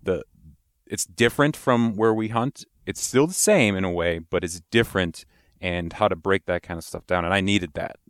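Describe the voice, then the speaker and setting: Deep-voiced man from Wisconsin, chatty guest. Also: normal speed, no echo, clean studio sound. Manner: rambling, laughs along. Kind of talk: casual interview chat.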